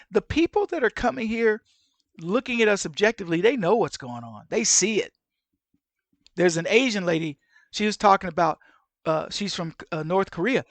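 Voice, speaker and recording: A middle-aged man hosting an opinion commentary show, telling stories in an animated way and acting out the people he quotes. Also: high voice, a little fast, dry recording. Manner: animated storyteller who acts out the people he quotes. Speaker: podcast host.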